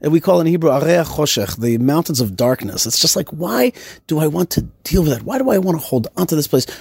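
A man hosting a podcast, telling stories in a lively, animated way with many restarts. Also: on the high side, fast, vocal fry, slightly rough, no room sound, studio quality. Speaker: host. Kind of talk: casual podcast conversation.

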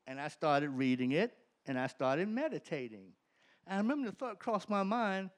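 A man with a high voice that swings up and down, giving his own testimony to a crowd. He tells it as a story, growing animated and laughing between phrases. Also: normal speed. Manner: animated, grows excited, often laughs mid-sentence. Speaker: speaker giving a personal testimony.

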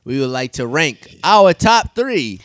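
A man's voice: a little high, very animated, unhurried, a bit bright, no echo, clean studio sound. A man co-hosting a casual podcast chat, laid-back and introducing segments to his co-hosts. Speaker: podcast co-host.

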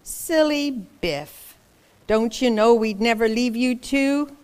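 A kind storybook mother with a soft, reassuring manner, unhurried and a little higher in pitch, as a woman reading aloud puts her on. She speaks calmly to settle a frightened child. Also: smooth, big-room sound, close to an everyday voice. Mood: soothing. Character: gentle caring mother soothing her son.

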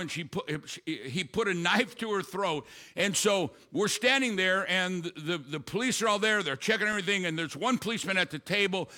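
Older male pastor, high bright voice, storytelling sermon with shouted peaks. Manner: storytelling preacher, rising to shouts.

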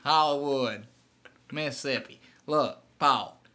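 A man putting on a Southern accent to play a loud Alabama football fan calling a radio show. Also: medium pitch, slow. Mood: rowdy. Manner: shouty, drawling, keeps repeating the host's name.

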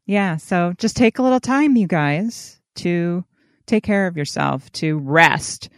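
A podcast co-host chatting casually in an easygoing, encouraging way. The voice is at a middle pitch and is recorded dry and close. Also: expressive, slow, no echo. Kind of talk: casual chat.

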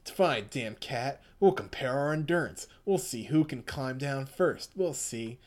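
A man's voice: animated, unhurried, darkish tone, natural voice. A man voicing a starving shipwrecked man who has lost his mind, speaking in a raised, strained, wheedling voice. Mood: menacing. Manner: wheedling then snapping, high and strained. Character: starving shipwrecked man turned unhinged and menacing.

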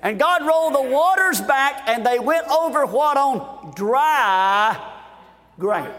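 A man preaching a fervent revival sermon, shouting and repeating his refrains, recorded at a conference. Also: extremely high pitch, animated, slow, big-room sound. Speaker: guest preacher.

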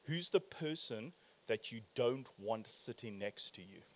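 A man preaching a sermon in a church, animated, swinging from loud exclamations to quiet, probing questions. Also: medium pitch, measured pace. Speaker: pastor.

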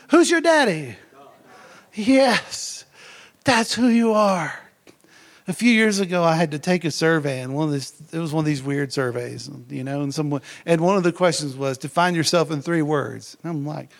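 A man preaching a sermon in a lively, conversational way, often tagging his lines with "right?" and building up to excited near-shouts. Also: sits high. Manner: energetic, conversational, keeps asking "right?".

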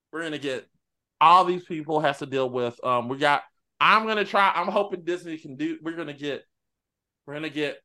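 A man in casual group chat, telling a story in an animated way and acting out loud, profane bits. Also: a little high. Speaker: podcast panelist.

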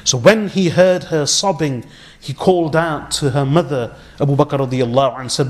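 A man preaching a sermon, telling an old story with earnest feeling and Arabic religious phrases, sinking to a hushed voice at the most moving points. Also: fairly high pitch, normal speed.

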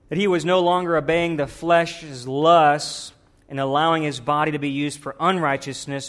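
Man preaching. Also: on the high side. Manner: preaching with rising emphasis and repeated prayers. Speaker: pastor. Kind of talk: sermon.

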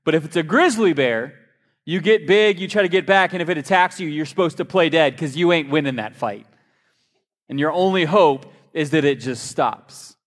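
A higher-voiced man preaches a sermon, telling stories with an easy, joking manner. His voice rings out with a long hall reverb, as in a large church. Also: moderate pace. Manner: lively, joking storyteller. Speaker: pastor.

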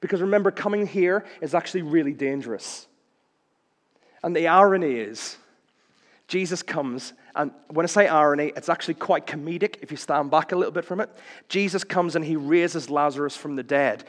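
Male preacher with a slightly high voice, chatty and wry, recorded with long hall reverb. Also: fairly quick. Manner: conversational, with wry jokes and questions. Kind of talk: sermon.

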